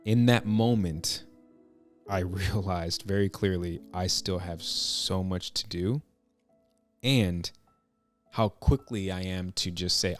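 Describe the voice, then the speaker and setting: Low-voiced man, earnest reflective storyteller. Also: soft background music. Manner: reflective, earnest, halting with frequent restarts. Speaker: podcast host. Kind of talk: personal storytelling monologue.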